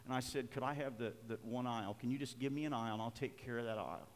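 A man's voice: medium pitch, steady tone, quick pace. Older man preaching in a reverberant hall. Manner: personal storytelling, emotional, with soft laughs. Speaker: pastor. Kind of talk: sermon. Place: church sanctuary.

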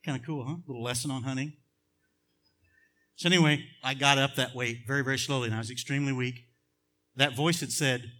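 Middle-aged guy preaching, bright tense voice, hushed story bits then booming points. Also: fairly even intonation, fairly quick, long pauses. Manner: storytelling, swings from hushed to loud and emphatic. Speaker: pastor. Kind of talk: sermon with personal story.

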